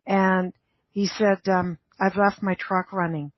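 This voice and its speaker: A woman's voice: medium pitch, flat delivery, slow pace, no room sound. A woman co-hosting a radio talk show, telling a story in casual chat and often exclaiming. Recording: muffled dry radio studio sound.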